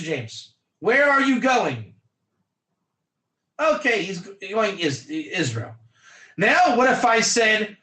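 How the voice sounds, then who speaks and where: Animated rabbi with a high bright voice. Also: male voice, a little slow, reverberant, low-quality recording. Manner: animated, acts out little scenes, asks students to type answers. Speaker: rabbi teaching an online class. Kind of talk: lively online Torah class.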